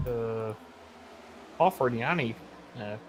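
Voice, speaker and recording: A man doing casual commentary on a sim race, calling the action in a lively, excitable way. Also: medium pitch, slow, faint music behind.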